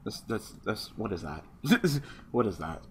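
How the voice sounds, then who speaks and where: A man's voice: on the low side, measured pace, a little hiss or hum. A man giving casual live commentary on his online card game match, swearing freely and talking at his opponent. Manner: profane, excitable, talks to his opponent.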